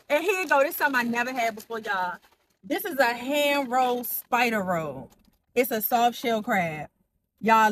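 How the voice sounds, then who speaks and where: Excitable woman chatting through a meal. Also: fairly high pitch, slight background noise. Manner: excitable, talks straight to viewers. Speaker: food vlogger. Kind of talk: casual eating-show chat.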